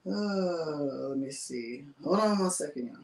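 A woman's voice: low-pitched, lively intonation, slow pace, a little mellow. Woman livestream host, casual and talkative with easy laughs, picked up from across an echoey bedroom. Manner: chatty, laughs often while reading viewer comments. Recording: roomy sound from a distance.

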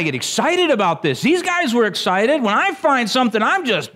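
Animated high-voiced male preacher. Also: normal speed. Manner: animated, rising to exclamations; jokey asides to the congregation. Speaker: pastor. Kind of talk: sermon.

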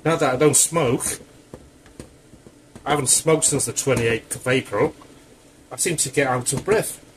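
Slow-talking breathless home cook, a man. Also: medium pitch, noisy background. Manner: chatty, rambling asides. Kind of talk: casual cooking commentary. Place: home kitchen.

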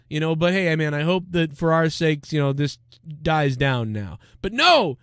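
A man's voice: on the high side, very animated, moderate pace, few pauses, fairly bright tone, dry recording, studio quality. A man hosting a live stream, ranting heatedly and swearing as he scolds and mocks. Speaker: live show host. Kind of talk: profane live-stream rant.

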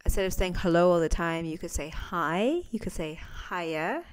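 A woman teaching English phrases in a chatty podcast lesson, acting out sample lines with lively intonation. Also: fairly low pitch, moderate pace, clear, resonant tone.

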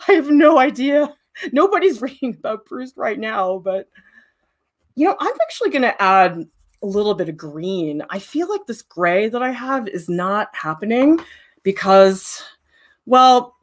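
A middle-aged woman teaching a live drawing demo, chatty and self-deprecating, often laughing at herself. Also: medium pitch. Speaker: art teacher.

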